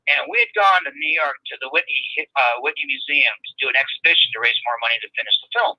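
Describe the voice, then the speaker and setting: Lively bright-voiced older man. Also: medium pitch, quick pace, creaky, dry recording, dull audio. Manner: animated anecdotal storytelling with laughs. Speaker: radio host. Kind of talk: storytelling interview chat.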